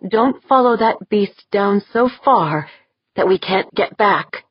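A woman's voice: medium pitch, lively intonation, takes it slowly, slightly rough, no room sound, pitched above the performer's own voice. A woman reading the lines of a frightened female crew member in an anxious, pleading way. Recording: slightly dull, dry audiobook recording.

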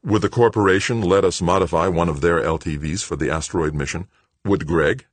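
A man's voice: deep voice, a little fast, husky, no room sound, pitched above the performer's own voice. A male narrator voicing a determined young adult son who talks lightly but insistently. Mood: persuasive.

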